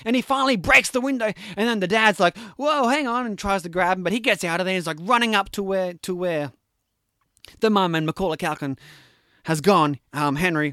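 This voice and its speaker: A young man with a high, light voice tells a story in a loose, animated ramble, full of "like" and "you know." His voice rises and falls as he talks. The recording is dry, with no room sound. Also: dry recording. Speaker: podcast talker recapping films. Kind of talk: casual chat.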